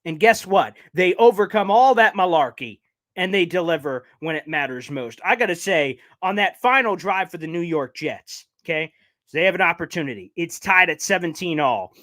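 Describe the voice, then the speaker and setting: On his live fan recap show, a sports host lets loose with fired-up, taunting rants full of big pitch jumps, sounding a little out of breath. His voice is expressive and a bit bright at a moderate pace, with no echo.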